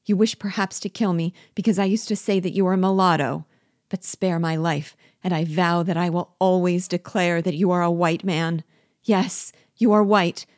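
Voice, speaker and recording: A woman's voice: fairly even intonation, moderate pace, no room sound, clean studio sound, close to an everyday voice. A woman reading a novel aloud, voicing a terrified man who frantically begs for his life. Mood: terrified pleading. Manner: shrill frantic begging.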